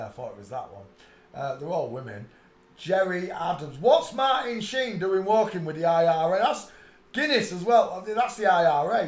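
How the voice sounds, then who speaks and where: A man's voice: echoey room, slight background noise. A man hosting a live stream, rambling on and muttering asides to himself. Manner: breaks into high shrieking laughter.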